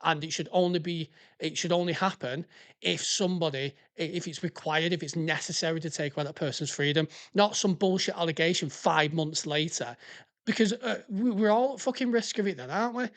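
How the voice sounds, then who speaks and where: A man's voice: on the high side, a little fast. A man hosting a podcast, ranting in a blunt, sweary way. He is a former police officer reacting to listener stories in heated, casual commentary.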